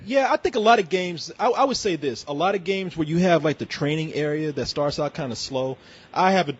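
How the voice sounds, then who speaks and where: A man's voice: fairly high pitch, lively intonation, fairly quick, breathy edge. A man hosting a gaming call-in show who chats casually, jokes, and often stammers and restarts. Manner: loose, joking, stammers and restarts. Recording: slightly muffled lo-fi audio.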